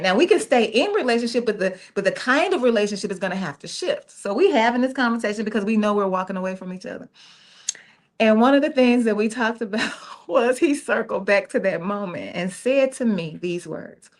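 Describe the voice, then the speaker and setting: A middle-aged woman co-hosts a talk radio show and tells a personal story. Her voice sits a little on the high side. She speaks candidly and folksily and laughs often as she goes. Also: fairly bright tone. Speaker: radio co-host.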